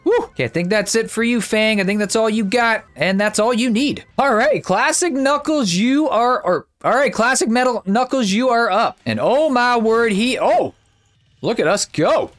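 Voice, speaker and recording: Excitable man narrating gameplay. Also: very high-pitched, normal speed. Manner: excitable, chatty, thinks out loud. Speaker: gameplay YouTuber. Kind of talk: casual gameplay commentary.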